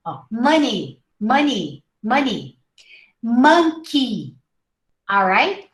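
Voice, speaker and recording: A woman teaching English pronunciation in a live online class, slowly modeling each word and repeating it. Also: fairly high pitch, sing-song, echoey room, rough recording. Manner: slow, drawn-out modeling of words with repetition.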